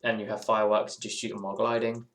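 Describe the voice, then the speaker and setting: While streaming a game, a man chats casually in a rambling, self-interrupting way that keeps doubling back as he muses. He speaks fast with a flat delivery, his lowish voice a bit bright, in a room with noticeable echo.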